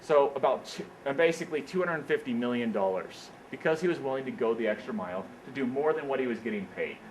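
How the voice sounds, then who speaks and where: A man giving a motivational speech at an engineering career event, telling stories in an animated way and often repeating "what happens is, is that", in an indoor meeting room. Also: medium pitch, fast talker, slight background noise, poor audio.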